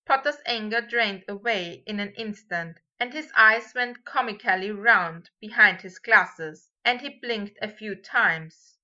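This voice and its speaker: Slow, bright-voiced woman narrator. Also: mid-range voice, muffled recording. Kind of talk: fan fiction audiobook reading.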